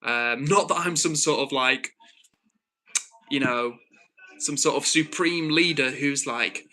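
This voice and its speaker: A young man with a Northwest English accent hosting a live stream, reading chat and calmly, earnestly lecturing a troll with many restarts. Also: mid-range voice, takes it slowly. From Northwest England. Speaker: livestream host.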